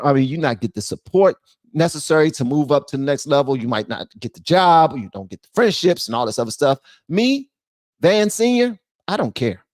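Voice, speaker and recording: Blunt guy ranting to his viewers, middle pitch, dry close mic. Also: no echo. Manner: animated, blunt, talks straight to viewers. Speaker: channel host. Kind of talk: casual political commentary.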